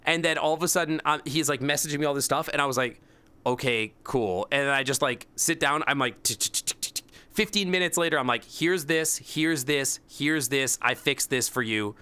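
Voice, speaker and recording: Bright-voiced young man chatting. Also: on the high side, moderate pace, smooth. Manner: animated storytelling, mimics coworkers. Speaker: streamer. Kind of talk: casual chat with chat readers.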